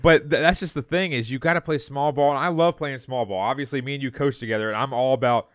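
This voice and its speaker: A man's voice: medium pitch, fairly even intonation, quick pace, fairly bright tone, no room sound, studio quality. A man co-hosting a sports podcast, opinionated and jokey, arguing his point in loose chat over a remote call. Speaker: podcast co-host. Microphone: remote call mic.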